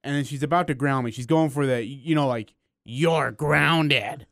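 A man's voice: medium pitch, steady tone, quick pace, no room sound, studio quality. A man co-hosting a morning radio show, playfully telling prank stories in casual banter. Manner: playful, recounts pranks with acted quotes. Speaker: radio co-host. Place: radio studio. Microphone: studio microphone.

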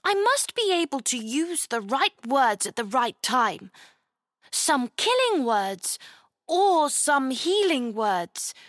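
A woman's voice: sits high, sing-song, takes it slowly, a bit bright, no echo, clean studio sound, full character voice. A woman reading aloud, voicing an earnest young girl who stumbles as she starts to speak. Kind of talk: storybook reading.

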